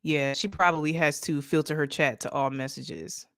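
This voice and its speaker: In a low, steady voice at a moderate pace, a woman from Michigan hosts a late-night livestream. She talks straight to viewers, chatting casually and laughing often as she reads stories and chat messages. The audio is studio quality with no room sound.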